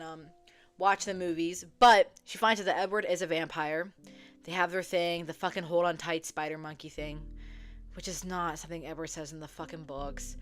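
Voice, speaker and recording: Young female vlogger, lower voice, casual and profane retelling, lots of "like", faint music behind. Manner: chatty and profane, many "like" fillers; acts out characters' lines in quick quotes. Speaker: book vlogger. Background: faint background music.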